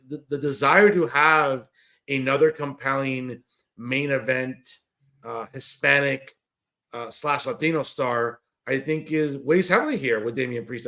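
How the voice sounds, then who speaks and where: A man's voice: medium pitch, pushed and bright. A man co-hosting a wrestling podcast, running through the card in rambling casual chat. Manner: rambling, full of "uh" and "you know". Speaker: podcast co-host.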